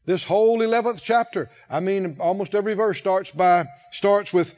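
A man preaching in church, reading scripture aloud and drawing call-and-response from the congregation. His voice sits high for a man. The recording is dull and lo-fi. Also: lively intonation, normal speed, few pauses, darkish tone. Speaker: pastor. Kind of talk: sermon.

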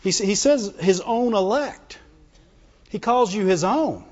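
A man preaching a sermon, lively and emphatic, climbing high when he voices God. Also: measured pace, big-room sound, highs cut off.

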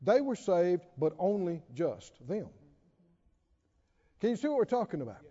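Man, preacher, sermon, dramatic storytelling, high voice, dull sound. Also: measured pace. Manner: animated, dramatic retelling with frequent laughs and shouted exhortations. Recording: dull sound with long hall reverb.

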